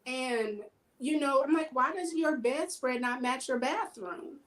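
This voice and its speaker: Animated woman telling stories, higher voice. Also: measured pace, poor audio. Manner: animated, acts out quoted dialogue. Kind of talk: casual storytelling chat.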